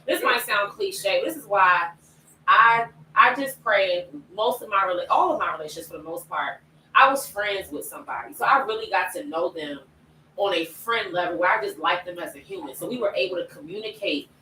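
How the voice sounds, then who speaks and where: A woman's voice: mid-range voice, lively intonation, fairly quick, bright, forceful tone. A woman in a casual group discussion, speaking emphatically and animatedly with salty slang. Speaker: panel guest. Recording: roomy, distant mic with faint noise.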